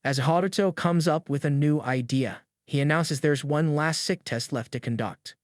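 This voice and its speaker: A man's voice: fairly high pitch, normal speed, no room sound, studio quality. A man narrating a comic story recap in a hyped, scripted storytelling style.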